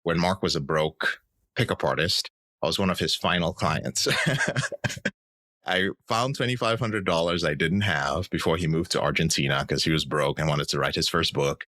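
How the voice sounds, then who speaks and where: Deep-voiced man telling his story. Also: moderate pace, pushed and bright, no echo. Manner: earnest, reflective, acts out quoted voices. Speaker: podcast guest. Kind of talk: candid personal storytelling.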